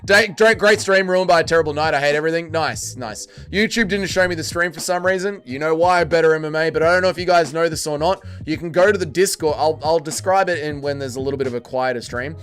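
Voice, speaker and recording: A man's voice: on the high side, fast, few pauses, fairly bright tone. A man hosting a livestream, reading chat aloud and joking crudely. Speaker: livestream host.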